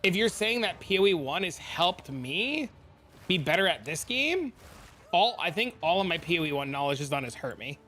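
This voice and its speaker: A man's voice: high voice, moderate pace, faint music behind. A man streaming live, chatting and ranting casually to his viewers while reading their comments aloud. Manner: animated, ranting, reads chat aloud.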